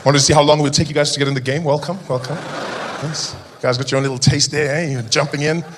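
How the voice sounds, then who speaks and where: A South African man performing stand-up comedy, telling stories in an animated way and slipping into characters on stage. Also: fairly high pitch, fast, background noise. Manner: animated storytelling, acts out characters.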